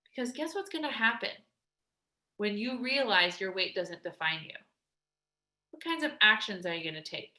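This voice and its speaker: A woman weight loss coach giving an energetic, emphatic motivational talk, chatty with lots of restarts. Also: medium pitch. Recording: roomy echo.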